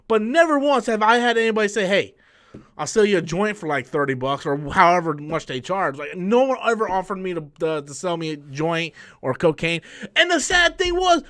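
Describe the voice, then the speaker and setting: A man in his thirties chats casually on a live stream, his voice sitting high for a man. He is profane and rambling, and he often stops to restart his sentences. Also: animated, moderate pace, fairly bright tone. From New York. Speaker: channel host.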